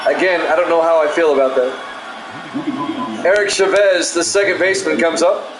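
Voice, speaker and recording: A man calling play-by-play of a simulated baseball game in a calm, soothing way, chatting with viewers between pitches, with no regional accent. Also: moderate pace, a crowd in the background. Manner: calm, self-described soothing delivery with asides. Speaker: play-by-play announcer. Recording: echoey room with loud background noise.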